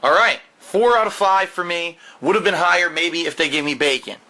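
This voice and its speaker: A man's voice: fairly high pitch, brisk, sharp tone. Emphatic man reviewing food to camera. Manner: enthusiastic, emphatic, repeats himself. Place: at home, indoors. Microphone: camera mic, set down while eating.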